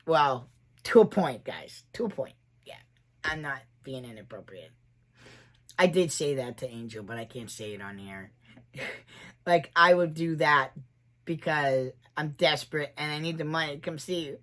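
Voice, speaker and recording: A man's voice: fairly high pitch, pushed and bright. A trans man in his forties hosting a casual livestream chat, rambling from thought to thought and laughing often at his own jokes. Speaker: livestream host.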